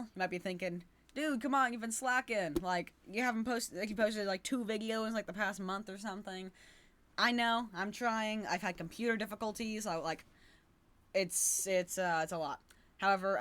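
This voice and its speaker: A man's voice: on the high side, fairly bright tone. A man giving casual gameplay commentary to his channel, rambling, correcting himself and sounding upbeat but unsure of his facts. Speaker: gaming YouTuber.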